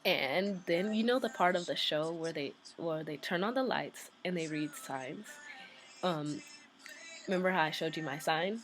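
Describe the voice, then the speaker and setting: A woman vlogger casually telling a story, chatty and excited, with lots of "like" and "um" fillers. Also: sits low, measured pace, faint music behind, low-quality recording.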